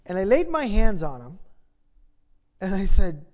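A man's voice: high voice, very animated, measured pace, dark tone. A man preaching a sermon, telling a personal story and then rising into impassioned calls to believe. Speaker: pastor. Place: church. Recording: long church reverb.

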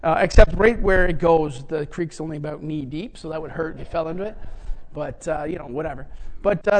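Middle-aged preacher, chatty sermon delivery with fillers and restarts, animated when acting out dialogue. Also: mid-range voice, a little fast, rough recording. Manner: animated, acts out quoted dialogue; conversational, many fillers and restarts. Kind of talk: sermon storytelling.

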